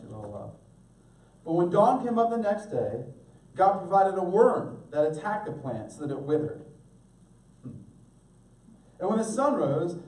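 A man preaching a sermon as pastor, animated, acting out voices for humor. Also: a little high. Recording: echoey room, voice from a distance.

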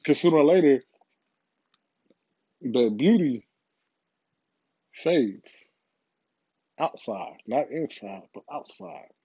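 A man's voice: medium pitch, animated, drawn-out words, pauses often, mellow, slightly rough, dry recording, muffled recording. A man giving a casual, rambling motivational monologue, profane and full of repeats.

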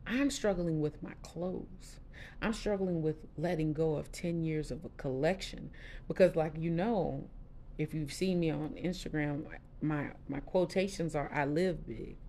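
A middle-aged woman hosting a podcast, telling her personal story candidly in a casual, expressive way with lively quoted asides. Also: low-pitched, measured pace, slight background noise. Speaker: podcast host.

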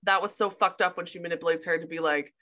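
A woman co-hosts a casual podcast chat, her voice bright and forceful. She retells scenes with animated energy and swears freely. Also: on the low side, quick pace. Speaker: podcast co-host; sister of co-host.

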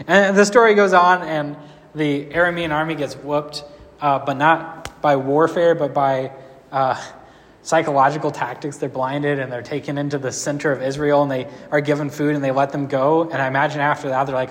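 A man preaches in a loose, conversational way, retelling a story with playful asides. His voice sits a little high, and a long reverb trails through the hall around him. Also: normal speed, fairly bright tone. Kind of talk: casual storytelling sermon.

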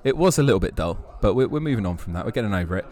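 Dry teasing podcast co-host. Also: male voice, on the low side, expressive, racing, darkish tone. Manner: dry, teasing, laughs often. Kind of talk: casual chat. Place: pub.

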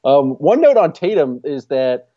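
A man co-hosting a casual sports podcast, talking in a relaxed, easygoing way with frequent pauses to think. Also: on the high side, no echo, highs cut off. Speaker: podcast co-host.

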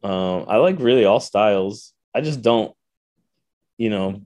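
A man with a fairly low voice, chatting in a laid-back, slightly drunk way. He often pauses with "um". The recording is dry and close. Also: animated, darkish tone, no room sound. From United States. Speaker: podcast guest. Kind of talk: casual drunk chat.

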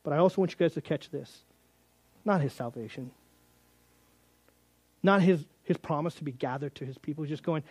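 A man gives a Bible teaching to young people, telling the stories in an animated way with casual, joking asides. His voice sits fairly high for a man. The recording is close and dry, with no room sound. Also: fast talker, dry recording. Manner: animated storytelling, acts out quotes, casual asides.

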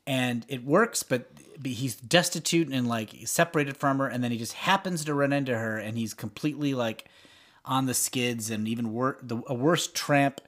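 A man's voice: medium pitch, normal speed. A man co-hosting a podcast, casually retelling film scenes and voicing the characters' lines as he goes. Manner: animated storytelling, acts out characters' lines. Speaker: podcast co-host. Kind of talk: casual chat.

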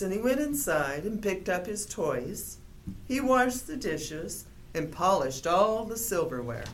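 A woman reading a children's picture book aloud in a gentle, expressive storytelling manner. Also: medium pitch. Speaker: storybook reader.

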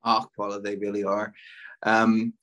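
A middle-aged man with a Belfast accent, a school principal telling stories in a casual interview, lively and full of restarts. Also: lowish voice, a little slow, low-quality recording. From Northern Ireland. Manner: animated storyteller with many restarts and repeated words.

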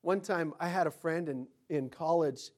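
A man preaching a sermon as pastor, telling stories and acting out quotes, swinging between loud and whispered lines. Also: fairly high pitch, normal speed.

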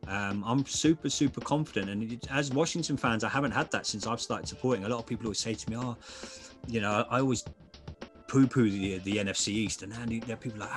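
A man's voice: medium pitch, fast talker, soft background music. A man chatting enthusiastically as a guest on a podcast, often restarting his sentences. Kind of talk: casual podcast chat.

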